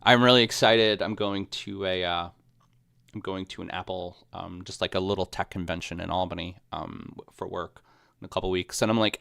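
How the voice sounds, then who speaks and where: A man's voice: low voice, steady tone, normal speed, gravelly, a bit bright, clean tone, dry recording, clean studio sound. Laid-back, chatty podcast man. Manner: laughs often, rambling with restarts. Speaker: podcast co-host. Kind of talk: casual chat. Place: podcast studio.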